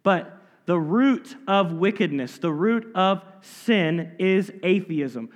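A pastor with a high, lively voice preaches an expository sermon from the pulpit, reading scripture and then pressing each point with emphatic asides and sudden drops to near quiet. He speaks slowly, and his voice rings with the long echo of a large hall on a lo-fi recording.

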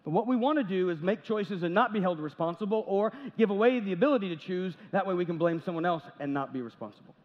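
A man's voice: high-pitched, animated, quick pace, hardly any pauses. A man preaching a sermon as pastor, talking conversationally, with jokes and little acted-out quotes. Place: large church sanctuary. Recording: dull audio with long church reverb.

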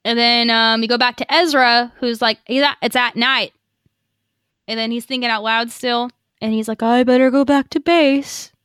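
A woman's voice: a little high, flat delivery, moderate pace, bright, forceful tone, clean tone, dry recording, clean studio sound. A woman podcast co-host giving a casual, chatty episode recap, swearing freely and acting out quotes. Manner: chatty, profane, lots of fillers and acted quotes.

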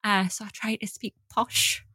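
A woman's voice: medium pitch, level tone, a little slow, sharp tone, breathy edge, no room sound, studio quality. A woman with a South Shields accent, an artist and academic, chatting casually on a panel and laughing often at herself. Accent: South Shields (Sandancer), North East England. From North East England.

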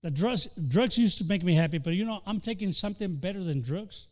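A man preaching a sermon as pastor, swinging between loud declarations and hushed lines, and acting out quoted voices. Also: sits high, animated, a little fast. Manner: fervent preaching with sudden shifts from loud to soft; acts out quoted voices, including the devil. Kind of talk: bilingual sermon.

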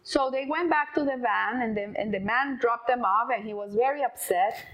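A woman casually telling an inspirational story, halting and repeating words as she goes. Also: fairly high pitch, a bit bright.

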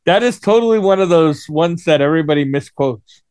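A man co-hosting a casual podcast chat, cracking teasing jokes and quick comebacks. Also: on the high side, lively intonation, darkish tone, clean tone, no room sound. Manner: teasing, quick-witted banter. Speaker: podcast co-host.

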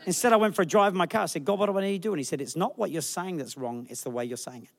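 Brief: energetic male pastor, quick delivery, slightly high voice. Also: gravelly. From Australia. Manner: animated, acts out people in the crowd with funny voices. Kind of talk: sermon.

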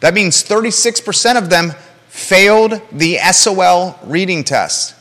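A man's voice: sits high, lively intonation, measured pace, pushed and bright, long reverb tail. A man hosting a live local talk show, blunt and emphatic, with joking asides.

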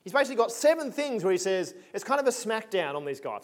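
Man, preaching, conversational and emphatic, fairly high voice. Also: very animated, quick pace, few pauses. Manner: conversational, emphatic, punchy asides. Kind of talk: sermon.

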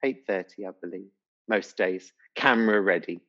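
A man's voice: low voice, moderate pace, a bit bright, lo-fi sound. A man who judges a TV talent show, telling a rambling, chatty behind-the-scenes story with lots of restarts. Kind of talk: casual interview anecdote.

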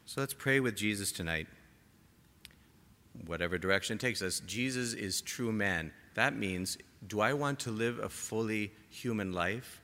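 A man preaching a sermon to a gathered congregation, impassioned, rising to emphatic peaks and dropping to soft, quiet lines. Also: lowish voice, a little slow. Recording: long hall reverb.

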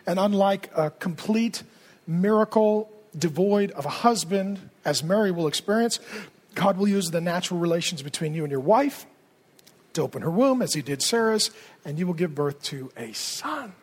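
A male pastor with a strikingly high voice preaches a sermon. He talks in an animated, conversational way and mixes jokes into his preaching. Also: moderate pace, breathy edge.

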